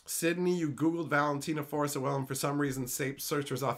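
A man streaming live, reading chat questions and ranting in a loud, profane, laughing way. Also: medium pitch, brisk, hardly any pauses. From Canada. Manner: loud, animated, frequent swearing and laughing.

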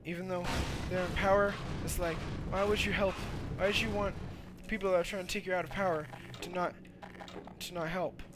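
A young man giving loud, goofy commentary while playing a video game, with sudden shouted outbursts. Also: high-pitched, steady tone, brisk, background noise. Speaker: let's play gamer. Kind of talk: energetic gameplay commentary.

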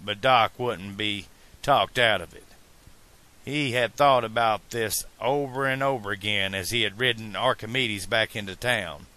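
A man narrating a fan-made audiobook in a measured storytelling manner. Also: on the low side, sharp tone.

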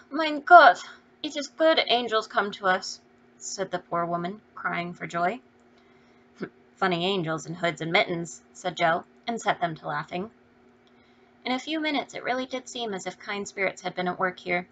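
A woman reading a classic novel aloud as an audiobook, in a steady storytelling delivery. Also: mid-range voice. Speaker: audiobook reader. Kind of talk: scripted narration. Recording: dull lo-fi recording.

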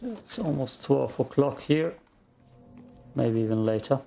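Slow, gravelly male streamer. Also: medium pitch, faint music behind. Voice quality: gravelly morning voice. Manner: slow, calm, thinks out loud. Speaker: game streamer. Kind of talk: casual gameplay commentary.

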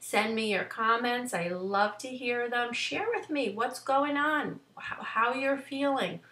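A woman's voice: on the high side, takes it slowly, sharp tone, far from the mic. A woman hosting a wellness vlog, giving an emphatic, coaching talk straight to her viewers. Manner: emphatic, coaching, direct address. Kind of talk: motivational talk to camera. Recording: echoey room.

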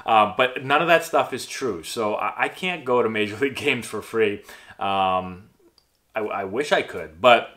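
This former pro ballplayer and coach, in his thirties, talks to camera a little slowly in a lowish, slightly bright voice. His casual vlog chat rambles, with plenty of fillers and restarts.

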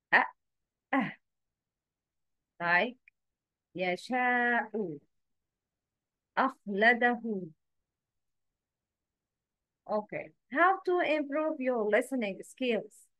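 A woman teaching letter pronunciation in a slow, patient lesson, repeating each word for the learner to echo. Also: a little high, fairly bright tone.

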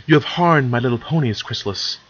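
A man playing an elder pony queen who speaks formally and with measured sternness, a little lower and softer than his usual voice. The tone is husky, and the lo-fi recording sounds dull. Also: lively intonation. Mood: stern. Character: elder female pony ruler, calm and stern.

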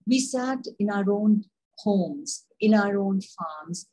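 An older woman with an Indian accent, a coffee expert telling lively stories in an interview. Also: mid-range voice, takes it slowly, poor audio. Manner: lively anecdotal, acts out dialogue. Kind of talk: conversational interview storytelling.

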